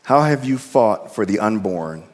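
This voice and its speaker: Deep-voiced male moderator, echoey hall. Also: expressive, measured pace. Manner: casual, joking asides. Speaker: forum moderator. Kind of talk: moderating a forum. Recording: long hall reverb.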